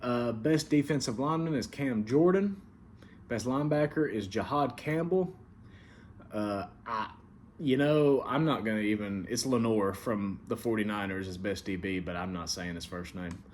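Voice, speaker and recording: A man's voice: on the low side, normal speed, a little hiss or hum. A man with a country Southern accent hosting a casual weekly league recap, laid-back and full of fillers, turning stern about the rules. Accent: American Southern. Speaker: league commissioner and show host.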